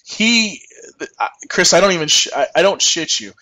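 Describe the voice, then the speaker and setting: A man's voice: fairly high pitch, sing-song, moderate pace, sharp tone, rough recording. A young man co-hosting a podcast, telling a rambling, profane work story and acting out the people in it. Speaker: podcast co-host.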